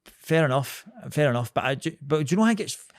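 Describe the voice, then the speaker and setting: A man's voice: on the high side, lively intonation, quick pace, dry recording, studio quality. A young man with a Glasgow Scottish accent, co-hosting a podcast in blunt, sweary, rambling casual chat. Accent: Scottish, Glasgow area. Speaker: podcast co-host.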